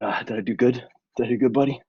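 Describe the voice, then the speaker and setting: A man voicing an excitable, bumbling male rogue who pleads to be told he did well. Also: medium pitch, racing, slightly rough, dry recording, lo-fi sound. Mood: eager.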